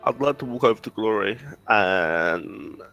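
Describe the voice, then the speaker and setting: A man's voice: fairly low pitch, expressive, measured pace, bright, forceful tone, faint music behind. A man playing a tabletop role-playing game who speaks bluntly and curtly in character. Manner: blunt, curt. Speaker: player. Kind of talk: casual tabletop play.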